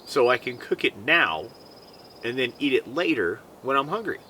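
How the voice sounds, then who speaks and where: A man's voice: medium pitch, very animated, normal speed, pushed and bright. A man talking casually and playfully to viewers while camping outdoors, recorded on a camera mic. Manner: chatty, playful, talks to viewers. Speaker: outdoor vlogger. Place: outdoor campsite in the mountains. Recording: outdoor ambience noise.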